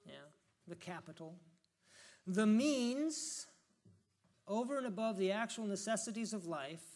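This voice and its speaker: A man's voice: high voice, a little mellow. A man giving an informal, reflective sermon, reading scripture aloud and musing on it in a conversational way. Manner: reflective, conversational, reads scripture with rising emphasis. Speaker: preacher.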